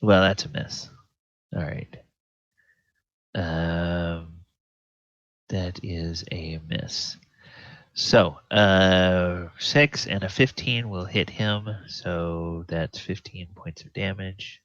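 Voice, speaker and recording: A man's voice: low voice, steady tone, very slow, a bit bright, no echo. A man running a tabletop game as dungeon master, hesitant with many fillers, on a muffled recording.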